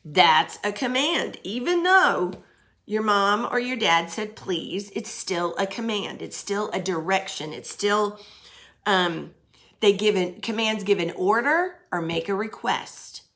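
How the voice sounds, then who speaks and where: A middle-aged woman with a bright, clear voice gives a recorded grammar lesson to young children. She explains patiently, asks questions and uses everyday examples, keeping her tone steady and mid-pitched. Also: takes it slowly. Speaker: teacher.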